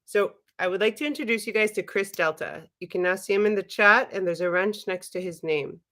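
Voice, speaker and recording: A woman hosts a casual livestream and speaks straight to her viewers in a loose, chatty way. She giggles often and swears freely, and her voice sits at a middle pitch. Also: brisk, fairly bright tone. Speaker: livestream host.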